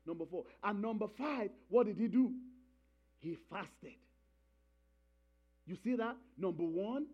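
A man's voice: high-pitched, animated, unhurried, long pauses, dull audio. A man preaching a sermon, emphatic, repeating key phrases and calling for responses from the congregation.

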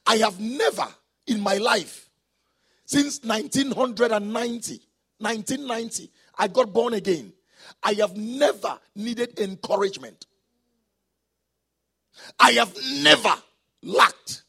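A man from Nigeria preaching a sermon as pastor, with a raspy voice, often shouting or singing out his phrases. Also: high voice, a little slow.

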